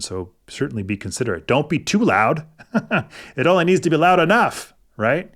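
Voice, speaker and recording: Calm middle-aged man coaching on finances. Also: mid-range voice. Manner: thoughtful, hesitant restarts, gentle coaching tone. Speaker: personal finance video host. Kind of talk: casual explanatory talk to camera.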